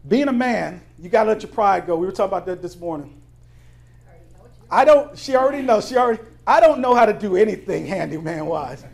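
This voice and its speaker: A pastor in a church sanctuary preaches to his congregation in a high, animated voice, speaking a little fast with some vocal fry. His sermon is conversational, full of call-and-response questions to the room and personal stories he laughs his way through.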